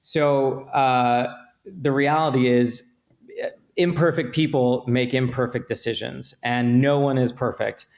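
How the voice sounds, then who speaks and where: A man, an attorney guest on a podcast, explaining contracts and liability with measured, example-driven talk. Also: mid-range voice, fairly even intonation. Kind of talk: podcast interview.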